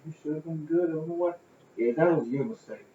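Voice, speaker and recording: A man's voice: on the high side, brisk, a crowd in the background. A man co-hosting a casual podcast, teasing and needling his friend bluntly. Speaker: podcast co-host. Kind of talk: casual chat. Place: home garage. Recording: distant in an echoey garage, lo-fi.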